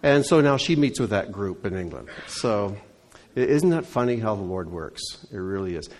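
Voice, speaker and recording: A man's voice: on the low side, animated, normal speed, darkish tone. A man leading a congregation meeting, telling stories and fielding questions in a folksy, conversational way. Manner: folksy storyteller. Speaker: congregation leader. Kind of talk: conversational report and Q&A.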